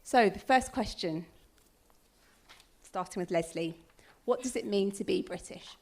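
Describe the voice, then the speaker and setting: A woman moderating a panel at a live event, introducing speakers in a friendly, brisk way. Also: medium pitch, vocal fry, a little mellow. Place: event hall with audience.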